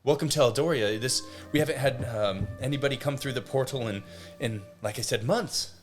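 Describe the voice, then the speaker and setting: A man voicing an excitable older male dragonborn who stammers and gushes with welcome. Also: mid-range voice, brisk, soft background music, voice pushed up, natural voice. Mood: excited. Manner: stammering, gushing.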